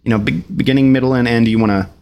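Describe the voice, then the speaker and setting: A man's voice: fairly even intonation, racing, very noisy. A man hosting a podcast, talking bluntly and profanely as he mocks clips he reacts to. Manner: blunt, profane, mocking; mimics rappers in a high voice. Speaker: podcast host. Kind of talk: casual commentary reacting to clips.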